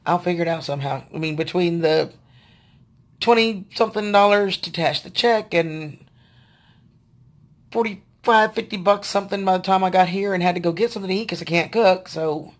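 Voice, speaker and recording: A woman's voice: on the low side, normal speed. A woman, venting to her viewers in a casual video diary, sounding tired and frustrated. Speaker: vlogger.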